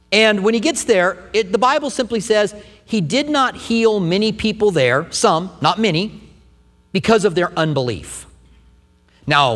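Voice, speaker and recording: A man preaching a sermon in a church, animated, at times acting out the voices of doubters. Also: high voice. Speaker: pastor. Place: large church sanctuary. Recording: long hall reverb.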